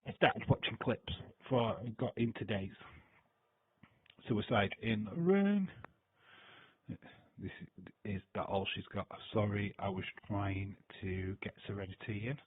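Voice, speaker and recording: A lowish, husky male voice talks casually and loosely on a live stream, swearing freely and answering viewer comments. The sound is thin and phone-like, with a dry, close feel and no room around it. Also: unhurried, no room sound. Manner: loose, swearing, laughing, chatty. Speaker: live-stream host reacting to wrestling.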